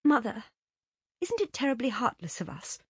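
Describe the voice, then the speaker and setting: A woman reading a story aloud, voicing an earnest young woman who pleads in a high, breathless, urgent way. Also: very animated, normal speed, husky, dry recording, studio quality, heavily acted. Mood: pleading.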